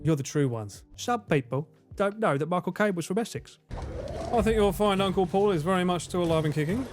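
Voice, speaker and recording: A man's voice: high voice, animated, brisk, faint music behind. An English man chatting casually on a live stream while gaming, swearing freely and laughing often. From England.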